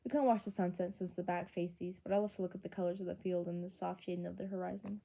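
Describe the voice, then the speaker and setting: A woman's voice: fairly low pitch, fairly even intonation, fast, creaky, dark tone. Woman reading a novel aloud. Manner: earnest reading with small slips and restarts. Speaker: audiobook reader. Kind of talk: amateur audiobook narration.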